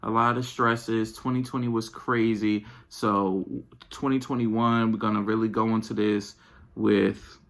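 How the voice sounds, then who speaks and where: A podcast host and parent who talks in loose, slangy asides. They mumble along in a middling pitch, then burst out loud and animated when the complaints heat up. The monologue is comedic venting. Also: a little slow. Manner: casual slangy speech. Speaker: parent of young children and an eleven-year-old.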